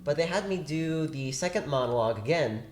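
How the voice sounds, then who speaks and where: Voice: medium pitch, animated, fairly quick, slight background noise. An actor as a guest, telling a long story in a chatty, rambling way during a casual interview. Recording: roomy echo.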